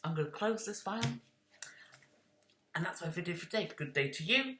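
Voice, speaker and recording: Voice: mid-range voice, lively intonation, fairly quick, a bit bright, echoey room, a little hiss or hum. A video creator talking casually and rambling, correcting themselves and snapping defensively at imagined critics. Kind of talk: casual rambling explanation to camera.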